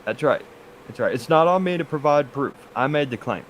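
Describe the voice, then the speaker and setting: Lively, playful man co-hosting a podcast. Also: fairly high pitch, a little fast, a little hiss or hum. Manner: playful, teasing banter. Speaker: podcast co-host. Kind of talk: casual live podcast chat.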